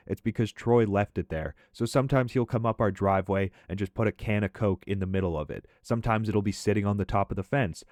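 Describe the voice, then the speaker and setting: Low-voiced man telling a storytime. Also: dry recording, studio quality. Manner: casual, profane, animated retelling. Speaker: commentary storyteller. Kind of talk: storytime commentary over gameplay.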